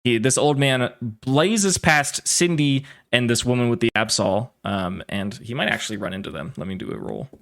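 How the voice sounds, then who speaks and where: A man's voice: mid-range voice, big pitch swings, moderate pace, creaky, hardly any pauses, a bit bright. A man narrating as game master of a tabletop game in a loose, laughing way, with many fillers.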